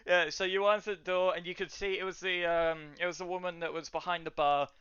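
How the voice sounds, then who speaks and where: A man narrates a tabletop game as game master, loosely and with many fillers. His voice is bright and smooth. The mic is dull and lo-fi, with a dry sound. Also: sits high, level tone, fast talker, dry recording.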